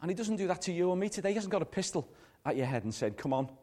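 A man's voice: sits high, very animated, rapid-fire. Earnest man preaching a sermon. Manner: earnest, repetitive preaching with soft, dropping phrase endings. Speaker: pastor. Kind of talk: live sermon. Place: church service.

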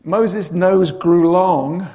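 A man's voice: high voice, extremely slow. A man preaching a sermon, telling stories with dramatic flair and humorous asides. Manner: animated storytelling with humorous asides.

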